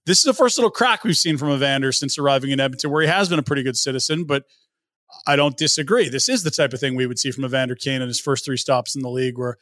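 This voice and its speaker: A man's voice: medium pitch, fast talker, fairly bright tone, dry recording, studio quality. A man hosting a casual sports podcast, laying out stats and context in an analytical way. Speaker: podcast host.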